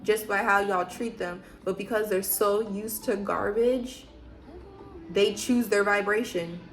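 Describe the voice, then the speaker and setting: Woman vlogger, mid-pitched, chatty faith talk full of fillers and emphatic rhetorical questions. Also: fairly even intonation, a little slow, fairly bright tone. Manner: loose, chatty, frequent fillers. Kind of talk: casual faith talk to camera.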